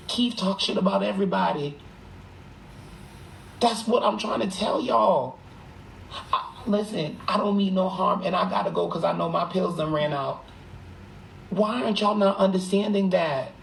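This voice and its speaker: A live streamer talking at home into a phone, in rapid, emphatic and profane gossipy livestream chat, sometimes hushed. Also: mid-range voice, creaky, a little hiss or hum, low-quality recording. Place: room at home.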